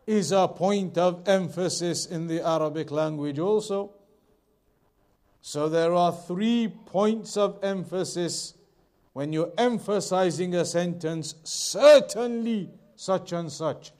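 Man, religious teacher, high-pitched, measured lesson delivery with emphatic repetition. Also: darkish tone. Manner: measured, repeats phrases for emphasis. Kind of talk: explaining scripture verse by verse.

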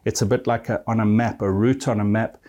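Male preacher, earnest sermon delivery, lowish mellow voice, speaks straight to the listener. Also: little pitch movement, brisk. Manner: earnest, addresses listeners directly as friend; reads scripture verses aloud.

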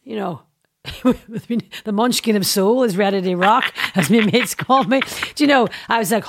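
A woman with a Derry accent, a guest telling lively stories in a casual interview, acting out quoted voices and saying "aye" a lot. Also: medium pitch, brisk, no echo, clean studio sound. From Derry, Northern Ireland. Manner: animated storyteller, acts out quoted voices, says "aye" often. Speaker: guest actor and singer.

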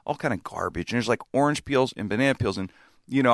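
A man's voice: mid-range voice, quick pace, no echo, studio quality. A man casually telling a funny anecdote, acting out the people in it and laughing often. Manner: animated, laughs a lot, acts out quotes. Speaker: storyteller in a chat.

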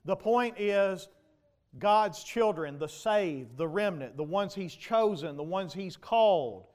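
High-voiced preacher asking the room questions. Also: male voice, animated, slow pace. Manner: preaching with rhetorical questions to the congregation, rising to shouts. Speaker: pastor. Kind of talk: sermon.

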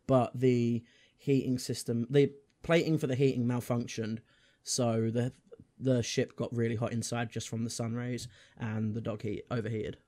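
A man co-hosting a casual podcast chat, jokey and quick to laugh and swear. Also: medium pitch, little pitch movement, dark tone. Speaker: podcast co-host.

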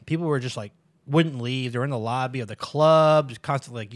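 A man's voice: medium pitch, no room sound. A man hosting a podcast in casual chat, telling stories and swearing freely. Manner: swearing, storytelling, quick to laugh. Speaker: podcast host.

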